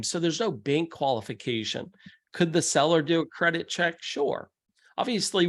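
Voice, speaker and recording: A man's voice: on the high side, fairly bright tone. A man giving a real estate investing seminar talk, speaking conversationally and acting out the people he quotes. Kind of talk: seminar presentation. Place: meeting room.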